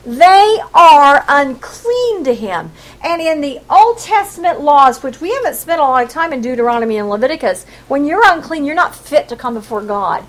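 A woman's voice: sits high, very animated, normal speed, hardly any pauses, poor audio. A woman preaching a sermon to her congregation, emphatic, acting out the quoted voices with big swings.

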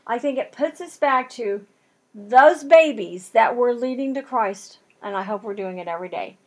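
A woman leads a Bible lesson with earnest, emphatic delivery, pressing her points home with homespun phrases. Her voice sits a little high and carries a faint husky edge. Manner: earnest, emphatic, with rising and falling intensity. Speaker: Bible study teacher.

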